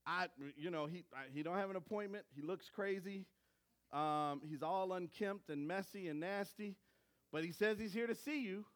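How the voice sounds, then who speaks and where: Flustered palace secretary, stammering and low-voiced, put on by a preacher mid-sermon. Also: male voice, moderate pace, close to an everyday voice. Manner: hesitant, stammering.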